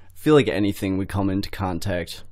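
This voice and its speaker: A man with a low voice on a casual podcast. He is laid back and chimes in with brief, agreeable remarks. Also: a little fast, a little mellow. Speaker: podcast co-host.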